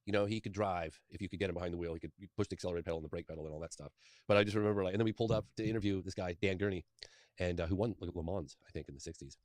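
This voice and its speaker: A man's voice: low voice, racing, a little mellow, no echo, clean studio sound. A man in his fifties, a documentary filmmaker, telling a long personal story as an interview guest in a rambling, eager way, often restarting his sentences. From England.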